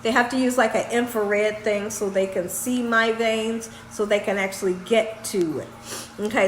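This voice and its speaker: A woman telling a story on her home vlog in a lively, laughing way. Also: fairly high pitch. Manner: animated, laughs while telling. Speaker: vlogger. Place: home kitchen. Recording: echoey room, faint background noise.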